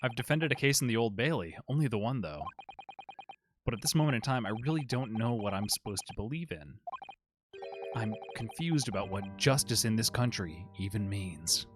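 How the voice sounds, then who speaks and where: Man as an earnest, unsure young lawyer, near his own voice, lively inflection. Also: on the low side, normal speed, over music, close to an everyday voice. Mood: uncertain. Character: confused young male stand-in lawyer.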